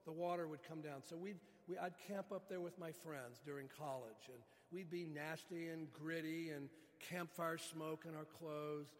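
A man's voice: fairly high pitch, fairly even intonation, normal speed, few pauses, long reverb tail. A man preaching a sermon as pastor, earnest, stretching key words for emphasis.

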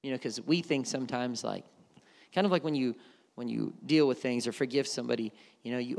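Gravelly-voiced preacher in an echoing hall. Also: male voice, mid-range voice, brisk, darkish tone. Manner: conversational preaching with many restarts. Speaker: pastor. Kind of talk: sermon.

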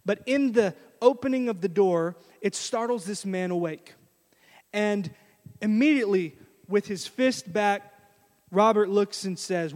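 A man preaching a sermon in a church, telling a story in an animated way and speaking straight to the congregation. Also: high voice, unhurried. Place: church sanctuary. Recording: long reverb of a church hall.

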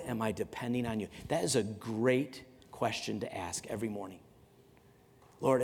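A man's voice: medium pitch, vocal fry, darkish tone. A man preaching a sermon in a conversational way, often repeating words and acting out stories. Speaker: pastor. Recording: long hall reverb.

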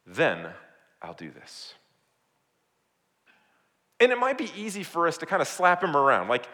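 A man preaching a sermon as pastor, swinging from loud, emphatic appeals to hushed, quiet asides. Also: sits high, big pitch swings, normal speed. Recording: long hall reverb.

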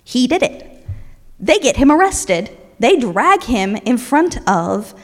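Woman preacher, lively storytelling, slightly high voice, long reverb of a large hall. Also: slow. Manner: animated retelling, voicing the characters.

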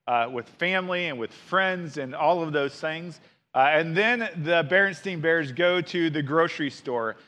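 A male pastor preaching a sermon in a relaxed, conversational way, full of asides to his listeners. His voice is high for a man and bright.

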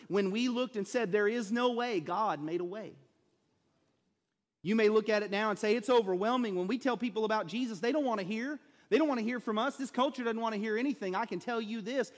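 A man preaching a sermon as a pastor, building to emphatic peaks with dramatic pauses. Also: high voice, in a large hall. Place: church sanctuary.

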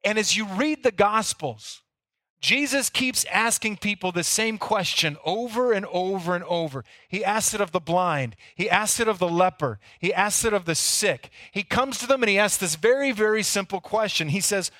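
A man's voice: high-pitched, expressive, moderate pace, pushed and bright, dry recording, clean studio sound. A man preaching a sermon, telling the story earnestly and sometimes repeating words as he goes. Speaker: pastor.

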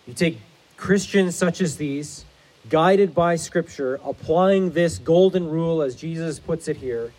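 A man's voice: fairly high pitch, measured pace, a little mellow, low-quality recording. A man preaching a sermon as pastor, in an earnest, explanatory manner.

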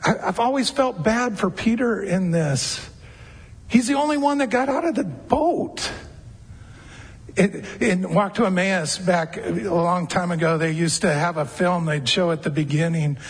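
A man delivers a conversational sermon from a church pulpit, his voice high and a little husky. He slips into soft, gentle tones when acting out quoted words. The sound carries the long reverb of a large hall. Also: a little slow. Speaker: pastor.

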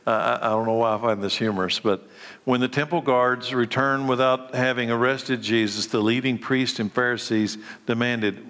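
A man gives a teaching sermon with an emphatic, questioning delivery, pressing his listeners and reading scripture aloud. His voice sits at a middle pitch for a man and carries a long hall reverb around it. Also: moderate pace, fairly bright tone. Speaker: Bible teacher.

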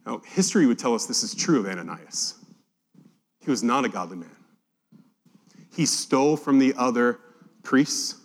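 A man's voice: mid-range voice, expressive, moderate pace, long pauses. A man preaching a Bible-teaching sermon, reading scripture aloud and acting out the quotes with animation. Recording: long hall reverb.

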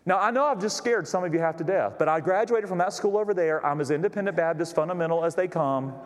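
A man's voice: high-pitched, fast. A male pastor preaching a sermon, telling a story and acting out the people he quotes. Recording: long reverb in a large hall.

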